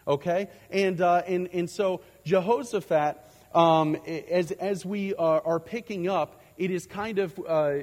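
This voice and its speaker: Guy preaching, kinda high voice, lots of uh uh and restarts, long echo in a big hall. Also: steady tone, measured pace, hardly any pauses, a little mellow. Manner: earnest, repeats words, many fillers and restarts. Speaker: pastor. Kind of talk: sermon on faith and anxiety.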